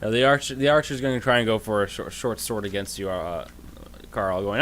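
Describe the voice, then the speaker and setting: A man narrating as game master in a casual, halting way, full of fillers. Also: lowish voice, fairly bright tone, slight background noise.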